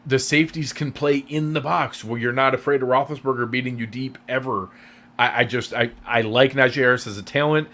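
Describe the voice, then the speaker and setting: A man's voice: mid-range voice, steady tone, brisk, fairly bright tone. A man co-hosting a fantasy football podcast, chatting casually and rambling through many restarts and hesitations. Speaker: podcast co-host. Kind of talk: casual sports chat.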